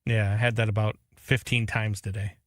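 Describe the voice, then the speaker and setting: A man co-hosting a sports radio show, giving animated, emphatic opinions in casual banter. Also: on the low side, moderate pace, dry recording, clean studio sound.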